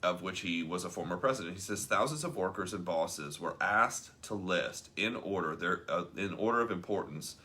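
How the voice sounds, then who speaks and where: A man's voice: low voice, normal speed, hardly any pauses, sharp tone. A man hosting a live show, chatting loosely through a book chapter and reading passages aloud with lots of ums. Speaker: show host. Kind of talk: casual book discussion on a live stream.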